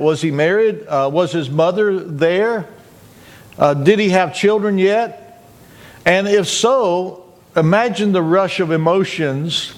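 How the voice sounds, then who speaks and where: A male pastor preaching a communion sermon, retelling scenes dramatically and acting out joyful cries. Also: fairly high pitch. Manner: dramatic, acts out shouted cries.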